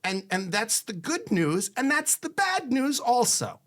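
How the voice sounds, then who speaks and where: A divorce attorney offers frank marriage advice conversationally, voicing both spouses' lines himself. He drops to a soft hush for a personal story. His voice is very high and very animated, his pace measured.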